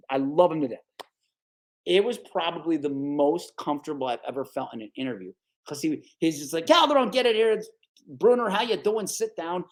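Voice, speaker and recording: A sports broadcaster in his forties from New York's Capital Region tells stories as a podcast guest in a casual interview, his voice on the high side. Animated, he acts out quoted voices and keeps saying "dude" and "right?".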